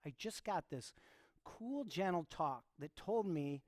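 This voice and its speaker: A man in his fifties preaches in a loose, conversational way, poking fun at himself and talking straight to the congregation. His voice sits a little higher than most men's. The sound is close and dry, with hardly any room around it. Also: lively intonation, takes it slowly, no echo. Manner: informal, self-deprecating, talks straight to the congregation. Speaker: pastor. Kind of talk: conversational sermon storytelling. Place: church.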